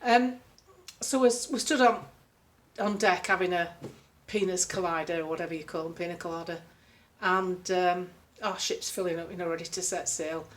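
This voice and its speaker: A woman's voice: on the low side, normal speed, a little hiss or hum. An older woman telling a story in a blunt, chatty way, now and then putting on voices. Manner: blunt, chatty, swears lightly, acts out voices. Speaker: political commentary vlogger. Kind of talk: casual storytelling monologue.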